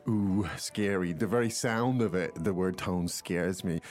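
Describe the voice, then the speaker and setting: A man's voice: sits low, normal speed. A man hosting a language-lesson podcast in casual chat, playful and teasing with mock fear. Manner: playful, mock-scared banter. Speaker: podcast host.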